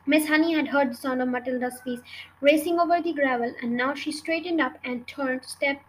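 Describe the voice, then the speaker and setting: A woman reading a children's book aloud in an expressive, lively way, with occasional small slips. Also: high-pitched, brisk, a little hiss or hum, low-quality recording. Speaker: audiobook reader.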